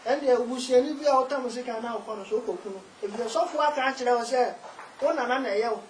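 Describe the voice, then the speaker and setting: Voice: mid-range voice, quick pace. A guest, a spiritual and herbal practitioner, talking emphatically in a casual interview and repeating key phrases. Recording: echoey room with faint noise.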